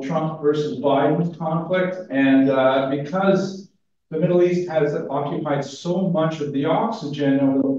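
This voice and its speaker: A man gives a conference talk in a relaxed, chatty way, stopping and restarting his sentences. His voice is mellow and dark. He sounds far from the mic, in a big echoing hall, with a dull sound. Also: a little high. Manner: casual, self-interrupting, with fillers. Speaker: conference speaker. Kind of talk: academic lecture with humor.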